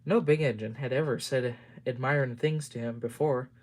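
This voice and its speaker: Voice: mid-range voice, fairly even intonation, normal speed, a little mellow. A tired amateur reader working through a children's story aloud, stumbling over words, correcting themselves and swearing under their breath.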